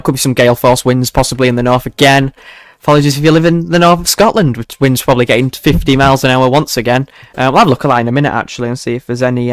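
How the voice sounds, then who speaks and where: A man's voice: mid-range voice, dry recording. Young guy doing a chill weather livestream, chatty and jokey, dead dry close mic. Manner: chatty, self-mocking, chuckles often and talks to his viewers. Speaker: weather forecaster host. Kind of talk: casual livestream weather forecast.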